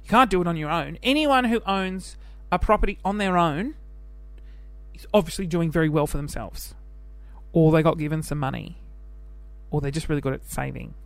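A man's voice: a little high, moderate pace, gravelly, a bit bright, dry recording. A man in his twenties with an Australian accent, hosting a casual solo podcast, chatty and self-deprecating as he jumps from one topic to the next. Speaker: podcast host.

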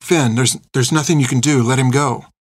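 A man voicing a young man who speaks in a gentle, reassuring way. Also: mid-range voice, normal speed, husky, no room sound, studio quality. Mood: soothing.

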